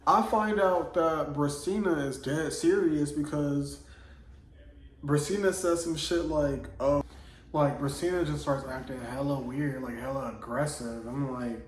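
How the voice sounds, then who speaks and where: A man's voice: mid-range voice, measured pace, a little hiss or hum. A man vlogging, telling a personal story in a loose, slangy casual monologue full of "like". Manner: loose slangy delivery, heavy on "like". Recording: echoey room, voice from a distance.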